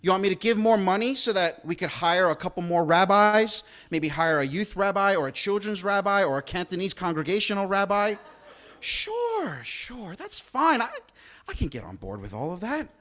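A man acting out a rich ruler who is incredulous and bargaining, in an animated, exasperated voice during a sermon. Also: high voice, normal speed, full character voice.

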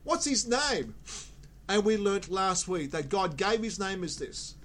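Male preacher, high voice, emphatic sermon delivery with repeated key words. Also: animated, a little slow, fairly bright tone.

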